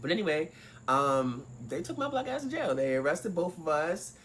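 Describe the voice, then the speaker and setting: Woman vlogger storytime, swears a lot, voice all over the place, super animated. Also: sits low, normal speed, a little hiss or hum. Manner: animated, profane, acts out voices. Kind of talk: casual storytelling.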